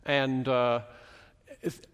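A man's voice: mid-range voice, little pitch movement, extremely slow, clear, resonant tone, long reverb tail. A man preaching a sermon in a chapel, explaining scripture and asking the congregation questions as he teaches.

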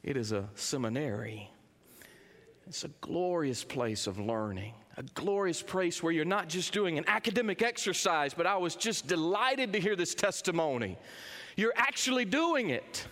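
Man, middle-aged, high voice, dynamic sermon delivery, echoing hall. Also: animated, moderate pace. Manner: dynamic preaching, swinging from low quiet lines to raised emphatic ones. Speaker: preacher. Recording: long reverb of a big hall.

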